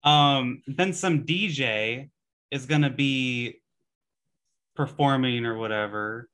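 A man co-hosting a podcast in relaxed, casual chat. His voice is bright and forceful at a middle pitch, and he hedges his opinions with a shrug in his tone. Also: slow. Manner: easygoing, hedging with "I don't know". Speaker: podcast co-host.

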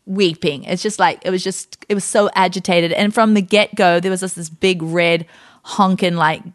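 A woman podcast host telling a story in a casual, animated way, with lots of fillers and restarts. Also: lowish voice, moderate pace, no room sound, clean studio sound.

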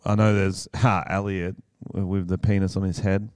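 A man's voice: low voice, little pitch movement, normal speed, darkish tone, clear, resonant tone, no room sound, studio quality. An Australian man co-hosting a podcast, bantering in a crude, joking way. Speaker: podcast co-host. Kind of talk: casual comedic chat.

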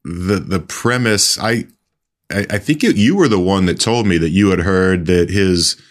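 A man with a very deep voice tells a story in casual podcast chat. He talks as a sports reporter and often restarts his sentences. His delivery is halting but relaxed.

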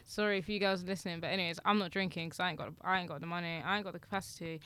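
A young woman, telling stories in casual chat, animated and swearing freely. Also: on the low side, very fast, clean tone. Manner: swears a lot, animated storytelling with acted quotes.

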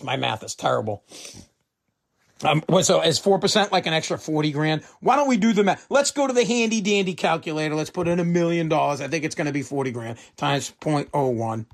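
A man's voice: a little high, creaky. A man delivering a heated, profane political rant, fired up and repeating himself.

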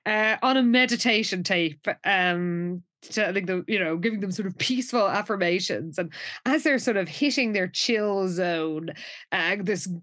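A woman's voice: medium pitch, normal speed, fairly bright tone. A woman co-hosting a podcast, recapping a TV episode in a wry, chatty way, often restarting sentences and laughing at her own jokes. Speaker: podcast co-host. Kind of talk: casual chat recapping a TV episode.

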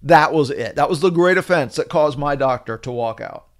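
A middle-aged man hosting a podcast, telling a story in a wry, animated way. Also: a little high, normal speed. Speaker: podcast host. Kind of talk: storytelling monologue.

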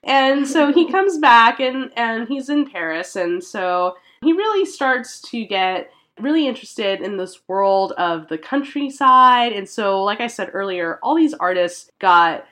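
A woman hosting a casual chat podcast, telling a story in an animated way and laughing now and then. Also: fairly high pitch, unhurried, few pauses. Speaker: podcast host.

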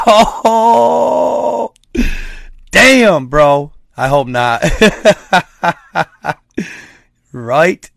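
Slow, gravelly-voiced man chatting casually. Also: fairly high pitch, sing-song, fairly bright tone, no echo, studio quality. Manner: rambling, slangy storytelling. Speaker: streamer chatting with viewers. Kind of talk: casual chat.

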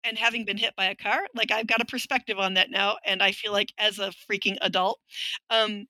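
A woman's voice: mid-range voice, fairly even intonation, brisk, bright, forceful tone, dry recording, rough recording. A middle-aged woman, a linguistics professor, speaking as a guest in a conversational interview, telling stories frankly and wryly. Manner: frank, wry storytelling that acts out quoted voices.

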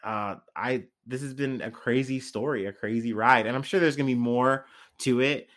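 A man's voice: medium pitch, fairly even intonation, normal speed, a bit bright. Rambling young man hosting a podcast. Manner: loose and rambling, heavy fillers, swearing. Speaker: podcast host. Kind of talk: casual solo podcast chat.

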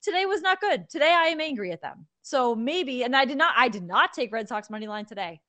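A young woman from Connecticut with no regional accent, co-hosting a casual sports betting chat in an animated, opinionated way. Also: high voice, brisk. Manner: animated, opinionated, chatty with fillers. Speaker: sports betting podcast co-host.

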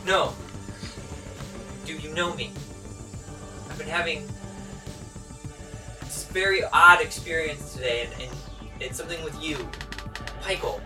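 A man playing a calm, probing old priest. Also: fairly high pitch, unhurried, long pauses, music in the background, close to an everyday voice, low-quality recording. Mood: puzzled. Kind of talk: tabletop role-play.

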